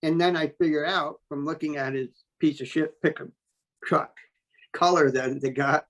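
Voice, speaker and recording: A man telling a story as an interview guest, talking in a blunt, animated way and swearing freely. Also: a little high, moderate pace. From New York State. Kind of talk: casual storytelling.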